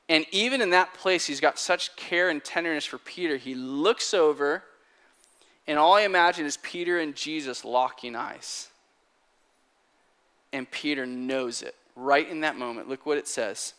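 A man preaching a sermon, retelling a story in an animated, conversational way. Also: on the high side, normal speed, clear, resonant tone.

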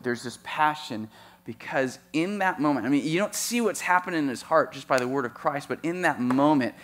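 Animated man preaching a sermon. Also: medium pitch. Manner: animated, playful asides, quick swings in loudness. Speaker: pastor.

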